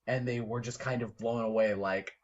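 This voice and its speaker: A young man co-hosting a casual podcast from a room at home, excitable, swearing freely and laughing often. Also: mid-range voice, normal speed, a little hiss or hum. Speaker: podcast co-host. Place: home room, window open. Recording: dull lo-fi home recording.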